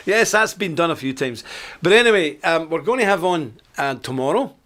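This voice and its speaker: A man's voice: on the high side, lively intonation, normal speed, a bit bright. An older Scottish man hosting a live online show, talking in a chatty, joking way and reading out viewer comments. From Scotland. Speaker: host of a live web show. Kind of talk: live-stream monologue.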